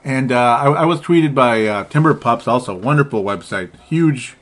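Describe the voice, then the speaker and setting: A man's voice: medium pitch, expressive, moderate pace. Rambling, jokey man co-hosting a podcast. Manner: rambling, laughs often, jokey. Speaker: podcast co-host. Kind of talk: casual sports podcast chat.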